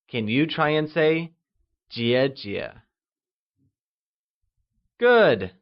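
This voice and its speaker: A man narrating a scripted language lesson, calmly leading listeners through words and praising each try. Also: medium pitch. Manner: slow, patient, encouraging drills. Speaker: language teacher. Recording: slightly dull lo-fi audio.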